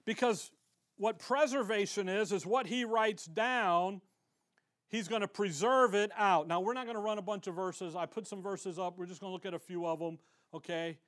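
A man's voice: high voice, normal speed, a bit bright. A male pastor preaching a sermon in a conversational way, acting out the voices of the people he quotes.

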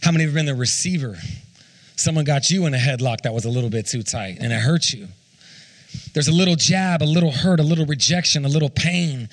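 Speaking quickly in a slightly high voice, a man in his thirties preaches to his congregation as their pastor. He stumbles and repeats himself a lot and keeps asking the congregation questions.

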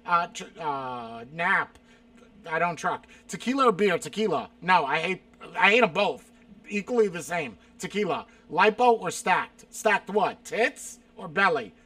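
A man's voice: high-pitched, bright, forceful tone, dry recording. A man reading viewer questions aloud and firing back blunt, profane one-word answers in a casual stream chat. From South Carolina. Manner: reads questions aloud and answers bluntly, swearing, exasperated outbursts.

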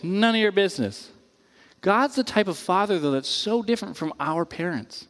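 High-voiced male pastor in a reverberant hall. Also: normal speed. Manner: casual and animated, acts out quoted voices, many "like"s. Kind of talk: conversational sermon.

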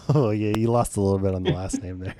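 A man with a somewhat low voice chats casually about sports with a friend. He jokes, swears now and then and laughs often as he talks. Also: a little fast, warm tone, no echo. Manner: joking, laughs often, loose and profane. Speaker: podcast co-host.

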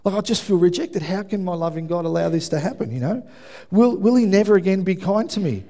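A man preaching a sermon in a church, telling lively stories and acting out quotes with self-mocking asides. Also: high-pitched, brisk. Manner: animated storytelling, acts out shouted quotes, self-deprecating asides. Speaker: pastor. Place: church hall with congregation.

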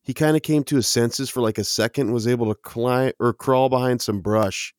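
A man's voice: mid-range voice, moderate pace, dry recording, clean studio sound. A laid-back man co-hosting a casual movie podcast. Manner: laid-back, calls people dude. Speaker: podcast co-host. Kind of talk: casual movie review chat.

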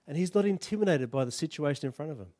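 Male preacher, high voice, animated sermon storytelling. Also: racing, no echo, clean studio sound. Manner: animated storytelling, acting out characters.

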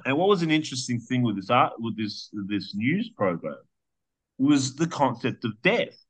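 A man's voice: mid-range voice, very animated, normal speed, a bit bright, breathy edge. A man co-hosting a podcast, retelling a story in a rambling, casual way with some swearing. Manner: rambling, profane storytelling with restarts. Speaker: podcast co-host.

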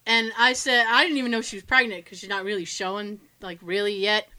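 A woman's voice: medium pitch, steady tone, a little fast, sharp tone. A young adult woman co-hosting a podcast, telling a work story in casual chat with frequent giggles. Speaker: podcast co-host.

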